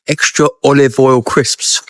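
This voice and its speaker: A man's voice: mid-range voice, fairly bright tone, no echo, rough recording. A man vlogging in supermarket aisles, cracking wry jokes and puns about prices and laughing at his own lines. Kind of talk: joking supermarket vlog.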